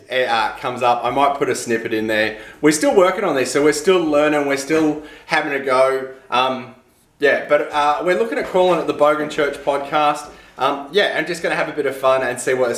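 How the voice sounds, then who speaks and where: A man's voice: on the high side, brisk, a bit bright. An Australian man hosting a casual vlog and podcast, talking in a laid-back, rambling way with lots of fillers, in a room. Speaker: vlogger and podcast host. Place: indoor room. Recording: roomy echo.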